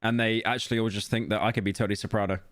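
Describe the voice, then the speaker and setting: Sex: man. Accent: British. Role: streamer reacting to a video. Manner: rambling, stammering restarts, animated. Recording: dry, close desk mic. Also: lowish voice, racing, no echo. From England. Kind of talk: casual reaction commentary.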